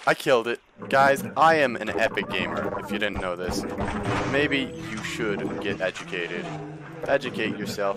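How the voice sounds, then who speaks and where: A young man giving jokey, excitable commentary while playing a video game, talking back at the enemies on screen. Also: on the low side, moderate pace. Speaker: gaming YouTuber. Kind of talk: let's play commentary. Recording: loud game music over voice.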